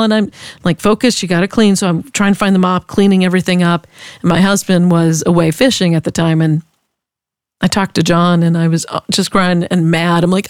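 A woman's voice: on the low side, steady tone, moderate pace, dry recording, clean studio sound. A woman radio host telling a personal devotional story in an earnest, storytelling way.

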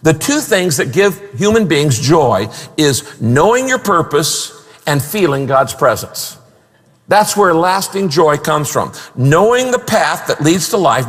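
Animated preacher, man, high lively voice. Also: husky, long reverb tail. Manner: animated, emphatic preaching with rhetorical questions. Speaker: pastor. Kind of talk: sermon.

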